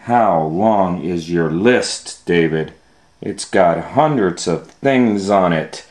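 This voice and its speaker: A man reads a children's picture book aloud at a very slow, unhurried pace. His voice sits a little low. He swings between loud scolding calls and soft, hushed asides. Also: lively intonation. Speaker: storytime host reading a picture book.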